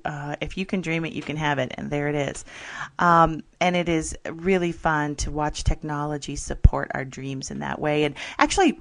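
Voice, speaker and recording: A woman hosting a radio talk show, upbeat and chatty, laughing often as she talks. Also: deep voice. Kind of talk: casual radio chat.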